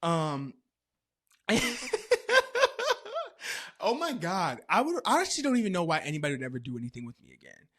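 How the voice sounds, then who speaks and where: A man hosting a podcast, telling a comedic story in a dramatic, animated way with frequent laughter. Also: on the high side, very fast, few pauses. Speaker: podcast host.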